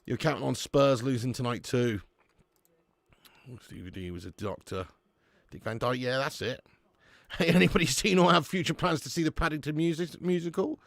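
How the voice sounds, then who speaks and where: A young football watch-along host with a medium-pitched, slightly bright voice and vocal fry speaks at a moderate pace in a dry recording. He chats casually with viewers, reads their comments, laughs often and swears freely.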